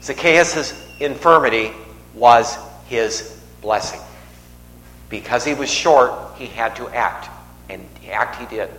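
A man's voice: medium pitch, slow, fairly bright tone. A man preaching a sermon in a church, conversational, joking with the congregation. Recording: echoey hall, faint noise.

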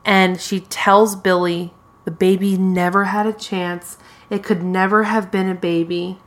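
A woman with a mid-pitched voice recounts a story's events as a podcast co-host. She narrates in a steady, chatty, storytelling way. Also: a little slow. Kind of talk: casual chat recapping a TV show.

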